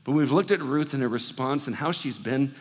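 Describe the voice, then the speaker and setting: Animated preaching man, reverberant hall. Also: mid-range voice, fairly quick. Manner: animated storytelling with acted-out dialogue. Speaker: pastor. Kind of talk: sermon.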